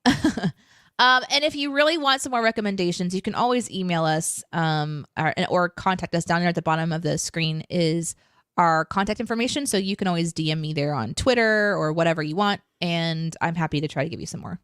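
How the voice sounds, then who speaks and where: A woman's voice: lowish voice, a little fast, a bit bright, clean tone, no room sound, studio quality. A woman co-hosting a casual live chat show, chatty and self-deprecating, laughing often. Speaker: co-host.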